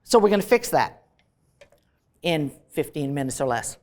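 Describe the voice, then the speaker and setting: A woman professor with a Canadian accent lectures a class in a classroom. She has a low voice and talks at normal speed, lively and emphatic, stressing words for effect.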